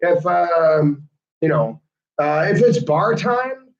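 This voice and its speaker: A man hosting a casual chat, animated and laughing often. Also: fairly high pitch, takes it slowly, slight background noise. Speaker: host. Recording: roomy, dull lo-fi sound.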